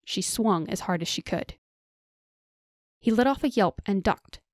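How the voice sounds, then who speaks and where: A woman narrating a fantasy audiobook with steady storytelling on a close mic. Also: mid-range voice, a little slow, dry recording. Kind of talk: scripted narration.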